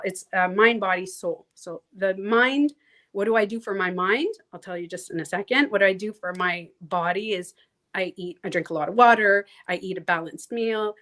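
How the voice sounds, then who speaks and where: A woman coach talking casually in an interview, animated and frank, who swears freely and acts out the voices she quotes. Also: mid-range voice. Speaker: transformation coach, guest.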